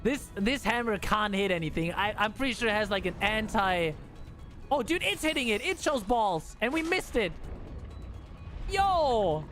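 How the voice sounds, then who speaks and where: Male streamer, high voice, loose casual commentary with bursts of excitement and cursing. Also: unhurried, faint music behind. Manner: excitable, swearing, laughing chatter.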